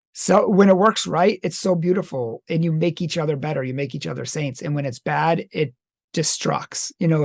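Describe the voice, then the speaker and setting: A man's voice: fairly high pitch, gravelly, a little mellow, dry recording, studio quality. A man hosting a casual conversation, talking things through earnestly and at length. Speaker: host.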